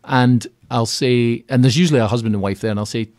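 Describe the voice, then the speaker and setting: A man chats easily in a radio studio, sharing views as a keynote speaker. His delivery is animated and he slips into quoting others. The sound is dry and close, with a mid-range voice. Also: mid-range voice, fast talker, no echo. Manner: chatty and animated, acts out quotes. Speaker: radio guest, keynote speaker on property finance. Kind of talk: conversational radio interview.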